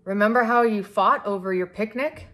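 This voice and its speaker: A woman voicing a patient mother who calmly talks her daughter through a quarrel. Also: medium pitch, moderate pace, lightly acted. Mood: gentle. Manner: soft, calm and reasoning. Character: patient gentle mother of a girl.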